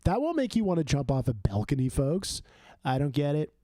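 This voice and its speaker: A young man hosts a casual live stream, tearing into topics in foul-mouthed, rambling rants. His pitch swoops lively up and down, set a little high, and his tone is mellow and warm. The sound is close and dry. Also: fairly quick, no room sound. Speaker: livestream host. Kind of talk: casual live game watch-along commentary.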